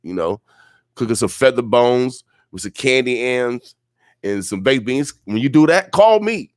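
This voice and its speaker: A man's voice: medium pitch, lively intonation, a little slow, dry recording. A middle-aged man hosting a morning radio show, chatting casually and rambling with repeated catchphrases in a studio. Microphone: studio microphone.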